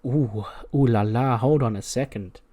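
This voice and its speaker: A man doing a flirty smooth-talking wrestler. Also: medium pitch, a little slow, mellow, natural voice.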